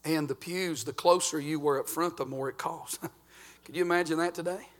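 An older man, a pastor preaching a folksy sermon that swings between loud and quiet. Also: on the high side, steady tone, normal speed.

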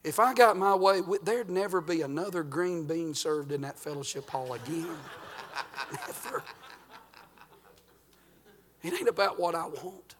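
An older man, a pastor preaching a folksy sermon that swings between loud and quiet. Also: on the high side, moderate pace.

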